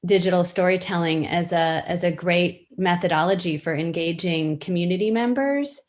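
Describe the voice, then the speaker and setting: Thoughtful, low-pitched woman in her fifties. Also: moderate pace, darkish tone. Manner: thoughtful, rambling, with many fillers and restarts. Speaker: interview guest, storytelling practitioner. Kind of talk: casual conversational interview.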